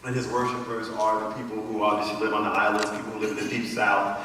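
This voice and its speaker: A man's voice: fairly low pitch, level tone, bright, forceful tone. Joking man on a hall panel. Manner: joking, quick storytelling. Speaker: actor on a convention panel. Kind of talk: casual panel chat. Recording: echoey hall, far from mic, faint noise.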